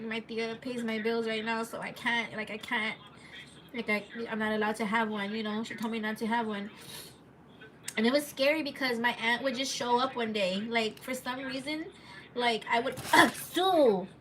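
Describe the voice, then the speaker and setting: A woman telling a personal story to her viewers in a rambling, casual way, full of fillers and restarts, live from home on a phone. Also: on the high side. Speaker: live-stream vlogger. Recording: noisy home recording.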